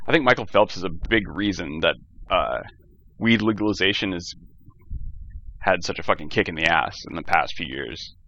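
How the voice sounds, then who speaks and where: A man's voice: deep voice, lively intonation, normal speed, sharp tone. Profane rambling man on a lo-fi headset. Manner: profane, rambling, jokey rants. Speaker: podcast host. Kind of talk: solo podcast monologue. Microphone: cheap gaming headset. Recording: dull lo-fi headset audio.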